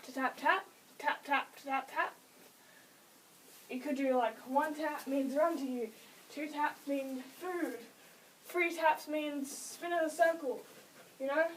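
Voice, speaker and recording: A teenage girl with a high voice rambles through a casual how-to, stopping to correct herself and adding quick giggly asides. She sounds set back from the microphone, with a faint hiss of background noise underneath. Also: recorded from a distance, poor audio. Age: late teens. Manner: chatty, self-interrupting, giggly asides. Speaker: vlogger explaining pet training.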